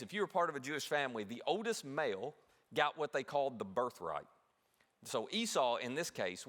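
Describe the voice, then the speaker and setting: A man preaching a sermon as pastor, telling a story with animated delivery and asking the audience questions. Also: medium pitch. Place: large church hall. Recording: long reverb of a big hall.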